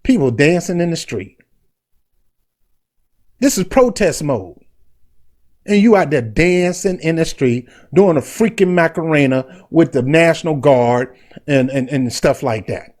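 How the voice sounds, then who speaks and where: A man's voice: fairly high pitch, animated, unhurried, pauses often, darkish tone. A middle-aged man hosting a commentary vlog, blunt and indignant, with street slang. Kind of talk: heated commentary.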